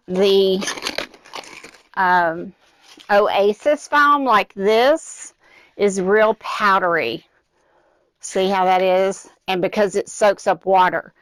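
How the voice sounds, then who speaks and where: A woman's voice: medium pitch, takes it slowly, long pauses, no room sound. A middle-aged woman hosting a live craft demonstration, chatting directly to her viewers and slightly out of breath. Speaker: craft tutorial host.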